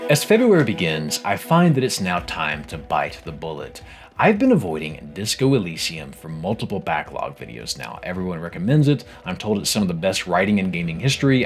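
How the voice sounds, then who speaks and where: Lively low-voiced man reviewing games. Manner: animated, wry and self-mocking. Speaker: game video creator. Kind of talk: scripted game review narration.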